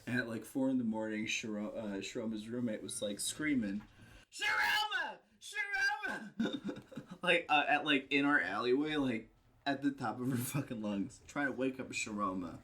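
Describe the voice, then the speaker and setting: A man's voice: mid-range voice, moderate pace, fairly bright tone, a little hiss or hum. A man in a casual podcast chat, telling a rambling story full of filler words.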